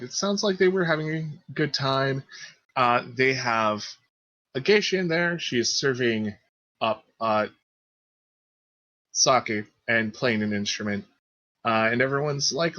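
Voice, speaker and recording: Male game master, hesitant narration, unhurried, dry sound, slightly muffled recording. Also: mid-range voice, pushed and bright, dry recording. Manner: hesitant, many fillers and restarts.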